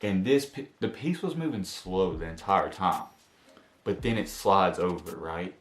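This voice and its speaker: A young man telling a spooky personal story as a vlogger. He talks in casual slang, going from hushed to loud and excited. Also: deep voice, a little slow, reverberant. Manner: animated storytelling, slang-heavy, jumps from hushed to shouting. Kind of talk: story time vlog. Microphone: camera mic.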